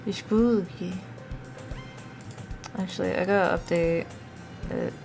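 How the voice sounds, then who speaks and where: A woman's voice: fairly low pitch, fairly even intonation, takes it slowly, gravelly, over music. A young adult woman streaming live, chatting with her viewers and reading a visual novel aloud, laughing often.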